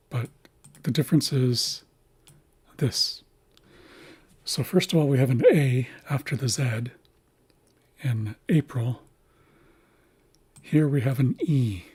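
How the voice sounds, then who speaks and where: A man teaching a language in a livestream lesson, speaking slowly and carefully and repeating words to show how they are said. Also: medium pitch, a little mellow, slightly rough.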